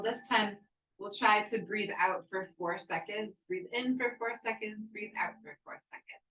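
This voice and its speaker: A woman yoga instructor guiding a breathwork class with calm, encouraging cues and slow counting. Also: medium pitch, reverberant, recorded from a distance, rough recording. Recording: voice from off the mic.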